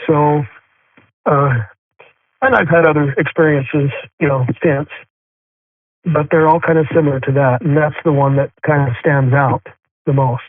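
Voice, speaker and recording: An earnest middle-aged man recounts his story in a fairly high voice, pausing often and restarting his sentences. The sound is thin and tinny like a phone call, with no room sound around him. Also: steady tone, no room sound. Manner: halting, with frequent fillers and restarts; earnest and heartfelt. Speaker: guest sharing a spiritual experience. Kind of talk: personal storytelling. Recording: tinny dry phone line.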